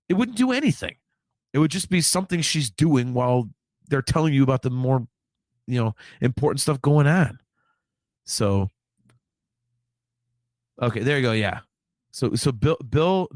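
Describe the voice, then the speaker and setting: A man in casual podcast chat, rambling and restarting his sentences as he pushes his opinion. His voice sits in an ordinary middle pitch. It is recorded close and dry, with no room sound. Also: no room sound. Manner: rambling, repeats words, swears casually. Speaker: podcast co-host.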